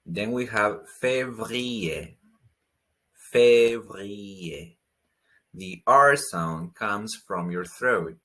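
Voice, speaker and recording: A man's voice: fairly low pitch, animated, takes it slowly, hardly any pauses, sharp tone. A man teaching pronunciation in a patient way, saying each word twice and explaining the sounds. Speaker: language teacher. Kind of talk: slow pronunciation lesson.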